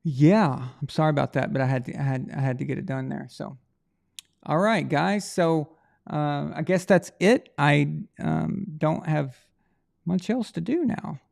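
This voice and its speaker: A man's voice: fairly high pitch, measured pace, creaky, a little mellow. A man hosting a casual livestream chat for members, rambling and thinking aloud with trailing sentences. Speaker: livestream host.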